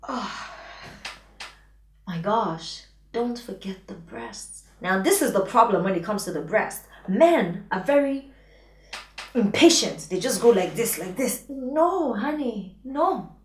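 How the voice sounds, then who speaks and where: Woman, intimacy coach; blunt and teasing, slips into whispers, mid pitch, roomy distant sound. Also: animated, slow, a little hiss or hum. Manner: frank and playful, often drops to a whisper. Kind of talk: advice vlog talking to camera. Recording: echoey room, voice distant from mic.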